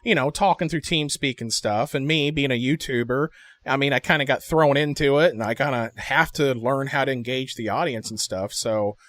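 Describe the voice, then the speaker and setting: A man's voice: mid-range voice, moderate pace, dry recording. A man hosting a casual group podcast, telling stories animatedly and acting out what others said. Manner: animated, acts out quotes in funny voices. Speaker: podcast host.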